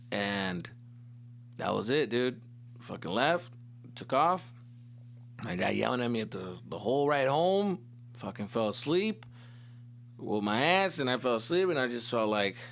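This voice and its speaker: A man's voice: lowish voice, vocal fry, fairly bright tone. A man from Tucson, Arizona, hosting a podcast and telling a comic story in a casual, swearing, slangy way with Spanish mixed in. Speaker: comedian host.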